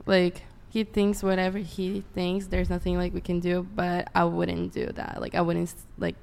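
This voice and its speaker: Female panel guest, low gravelly voice, reverberant sound, groping for words. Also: monotone, normal speed, darkish tone. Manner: searching for words. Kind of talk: casual panel discussion.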